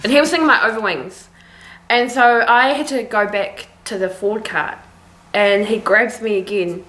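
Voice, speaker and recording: Bright New Zealand woman telling stories. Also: mid-range voice, moderate pace, echoey room, low-quality recording. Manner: animated storyteller acting out dialogue. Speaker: flight attendant co-host. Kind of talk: casual chat, storytelling.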